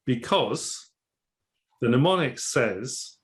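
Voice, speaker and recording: A man talks through the meaning of a tarot card in a relaxed, explanatory way. He pauses, restarts his phrases and slows down when quoting verse, his voice sitting at an ordinary middle pitch. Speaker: tarot teacher. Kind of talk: casual explanatory discussion.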